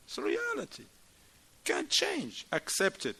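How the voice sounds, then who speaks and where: Lively higher-voiced man preaching casually. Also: normal speed. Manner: conversational, acts out dialogue, swings loud and soft. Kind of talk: informal sermon.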